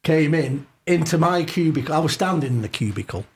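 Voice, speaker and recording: A man's voice: a little high, lively intonation, a little fast, slightly rough. A man in his sixties, a studio guest telling a long, hesitant anecdote on a radio chat show. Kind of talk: storytelling in casual chat.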